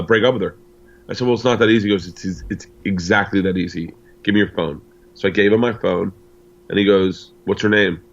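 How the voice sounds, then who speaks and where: Deep-voiced man telling a story, muffled audio. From United States. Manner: animated storyteller acting out quoted dialogue. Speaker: podcast guest, comedian. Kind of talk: storytelling in casual interview.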